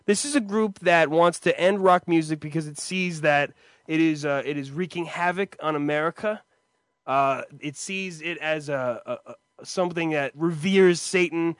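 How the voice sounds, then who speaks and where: A man's voice: fairly high pitch, moderate pace, dry recording, studio quality. A man co-hosting a radio show, chatting casually with rambling jokes and swearing. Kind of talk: casual chat.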